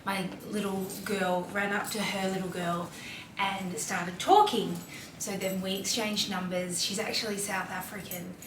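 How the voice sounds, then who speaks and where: An Australian mom and fashion vlogger in her thirties talks in a heartfelt, chatty way, full of fillers, as if sharing a casual confession. Her medium-pitched voice keeps a steady tone and a measured pace. The background is noisy, and the distant mic picks up roomy echo and faint ambience.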